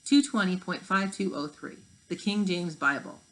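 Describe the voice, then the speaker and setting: A steady young boy leading his team, calm and matter-of-fact, read aloud by a woman. His voice is low and plain. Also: moderate pace, rough recording.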